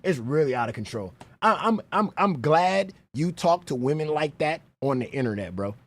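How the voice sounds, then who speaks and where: A man reacting to clips on a stream in casual commentary, animated and talking straight to the viewer, often saying "bro". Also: a little high, normal speed.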